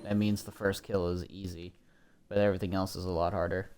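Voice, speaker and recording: A man's voice: low voice, brisk. A young man from Minnesota casually commenting while he plays a horror game, chatting with viewers and swearing now and then. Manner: relaxed, chatty, swears often. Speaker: streamer.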